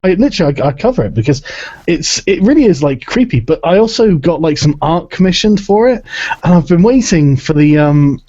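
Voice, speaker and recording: A man's voice: fairly high pitch, lively intonation, fairly quick, mellow. A British man in a casual online group chat, stammering through restarts and swearing casually. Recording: dull lo-fi online call.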